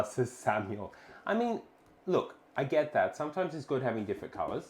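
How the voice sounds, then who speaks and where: A woman's voice: extremely low pitch, sing-song, normal speed. A woman co-hosting a cooking stream, chatting with viewers and reading their messages with many ums. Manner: chatty, reads chat aloud, many ums. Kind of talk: casual chat with live chat. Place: small home kitchen. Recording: echoey kitchen with faint noise.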